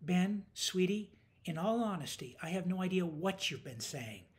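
A man's voice: sits high, expressive, moderate pace, pitched above the performer's own voice. A man voicing a dry, wry young woman. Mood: dry patient. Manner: dry, gently teasing. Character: hungover young woman coder, wry and patient. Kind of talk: audiobook narration.

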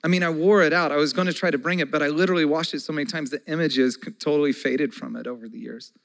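A pastor in his forties delivers a sermon in a slightly higher-than-average male voice. He keeps it conversational and earnest, slipping in folksy asides as he speaks. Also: fairly even intonation, fast, vocal fry, a bit bright.

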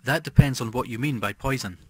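A man's voice: medium pitch, fairly quick, a little mellow, natural voice. A man voicing Martha, a cold prim wife. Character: calm, cold middle-aged wife who poisons.

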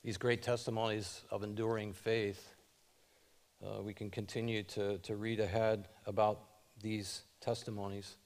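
A man preaching a sermon as pastor, reading scripture aloud and speaking in short, measured phrases with rising emphasis. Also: fairly low pitch, level tone, darkish tone.

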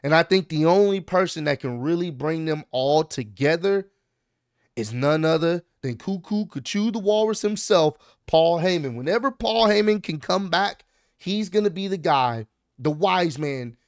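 A man in a casual, excited recap, loosely quoting people in slangy speech. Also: on the high side, moderate pace, smooth, no room sound, studio quality. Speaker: wrestling recap host. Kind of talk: casual chat.

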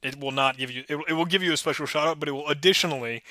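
A man hosting a casual screen-recorded coding tutorial, talking in a relaxed, self-deprecating way into a desk microphone at home. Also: a little high, rapid-fire, no echo, studio quality. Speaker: tutorial host.

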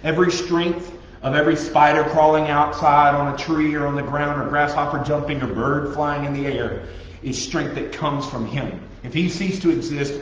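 A man preaching to a youth group, joking and animated, mimicking people's prayers. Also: fairly high pitch, slight background noise. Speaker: youth pastor. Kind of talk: sermon. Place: youth group meeting room. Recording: echoey dull room recording.

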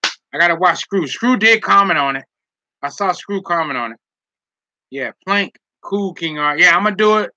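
A man's voice: high-pitched, expressive, normal speed, bright, forceful tone, no room sound. A man on a casual live stream, reading chat comments aloud and teasing viewers with jokes and frequent laughter. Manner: teasing, joking, laughs often.

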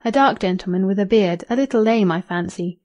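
A woman reading the lines of a reserved foreign male hotel waiter in an audiobook, calm, low and formal. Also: brisk, lightly acted.

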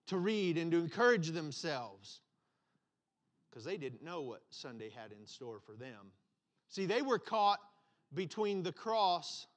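A male pastor delivers a sermon in a fairly high voice, repeating phrases line after line. He restarts and stumbles now and then as he builds toward his point. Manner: repetitive, building preaching with restarts.

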